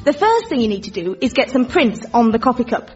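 A woman doing a mock TV craft demonstration in a bright, chirpy presenter tone. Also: fairly high pitch, big pitch swings, brisk, muffled recording, soft background music. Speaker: comedy sidekick doing a demonstration.

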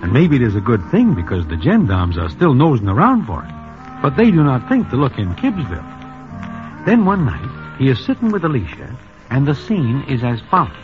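Wry, animated man narrating a radio tale. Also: medium pitch, moderate pace. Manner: wry storyteller in present tense with old slang. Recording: dull old radio broadcast. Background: music.

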